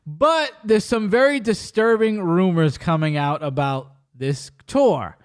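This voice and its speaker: A man's voice: high-pitched, measured pace, clean tone. A man hosting a podcast, chatting casually and telling stories with jokes and cursing. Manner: joking storyteller who swears freely. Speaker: podcast host.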